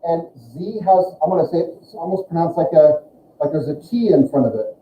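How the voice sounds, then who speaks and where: A man's voice: fairly high pitch, expressive, a little fast, slight background noise. A man teaching a German class, chatty and searching for words as he demonstrates pronunciation. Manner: chatty, searching for words, repeats sounds for students. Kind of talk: classroom lesson. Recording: echoey classroom, tinny and lo-fi.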